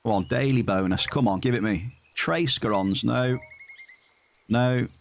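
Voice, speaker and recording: A man's voice: mid-range voice, unhurried, creaky. A man giving live game stream commentary, teasing his chat in a playful, bantering way.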